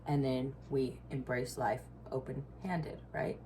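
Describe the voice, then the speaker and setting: A woman's voice: rumbling low, steady tone, takes it slowly, mellow, slight background noise. A woman giving a casual tarot reading, blunt and profane, with frequent asides and laughs. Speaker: tarot reader.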